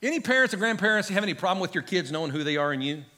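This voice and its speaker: A middle-aged pastor preaching an animated sermon to his church, calling out to the congregation and building to shouts. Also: sits high, racing. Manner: animated, preaching with rising shouts and audience call-outs. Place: large church sanctuary.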